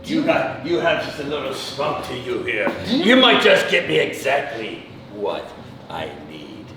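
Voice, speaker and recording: A man performing live improv, speaking slowly as a scheming villain. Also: medium pitch, very animated, background noise. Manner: slow, scheming villain delivery. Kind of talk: live improv comedy scene. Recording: echoey distant mic in a hall.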